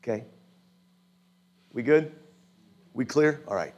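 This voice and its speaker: A man's voice: medium pitch, slow, a little mellow, muffled recording. A male pastor preaching a conversational sermon who keeps checking in with his listeners. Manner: informal, often checks in with the listeners.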